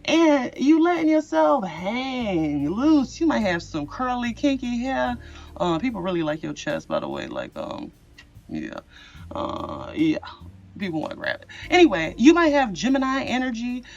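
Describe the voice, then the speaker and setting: A woman's voice: a little high, wildly swooping pitch, measured pace, creaky, darkish tone. A woman giving a casual pick-a-card tarot reading, rambling and chatty with frequent laughs. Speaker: tarot reader. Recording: slightly dull lo-fi audio with faint music.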